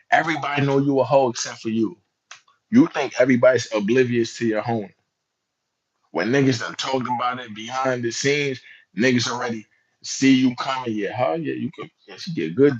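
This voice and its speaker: A man's voice: mid-range voice, moderate pace. Emphatic slangy man, lo-fi audio. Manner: emphatic, slangy, rhetorical questions. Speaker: commentary vlogger. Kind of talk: reaction commentary.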